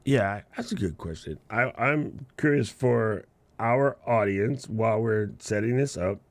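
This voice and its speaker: A man's voice: lowish voice, unhurried, no echo. Laid-back slangy male podcast host. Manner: slangy, laughs often, animated storytelling. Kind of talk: casual live-stream storytelling.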